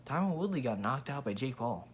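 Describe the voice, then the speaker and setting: A man's voice: medium pitch, big pitch swings, brisk, a little hiss or hum. A man hosting his own channel, giving a blunt, profane, rambling casual opinion rant with frequent restarts. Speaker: MMA commentary channel host.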